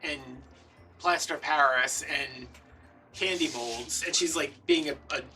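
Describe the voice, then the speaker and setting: A chatty man tells rambling stories while crafting. His voice is bright and slightly high. It is caught from a little way off the mic, over a faint hiss. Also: slow pace, recorded from a distance, faint music behind. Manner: chatty, rambling and playfully dramatic. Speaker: craft video host. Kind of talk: casual storytelling while crafting.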